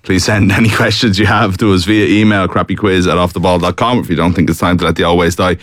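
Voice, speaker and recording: A man with an Irish accent runs a studio quiz show, reading out introductions and rules with a wry, teasing edge. His voice sits very low, and the room around it is dry and close. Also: flat delivery, quick pace, dry recording. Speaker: quizmaster host. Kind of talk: radio quiz hosting.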